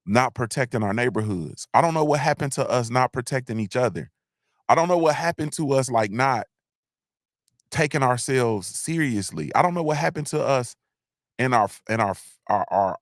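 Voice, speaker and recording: A man's voice: medium pitch, lively intonation, moderate pace, dry recording, studio quality. A man hosting a livestream, talking in a loose, rambling monologue with slangy asides and many restarts. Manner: rambling, repeats himself, frequent restarts, slangy. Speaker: livestream host.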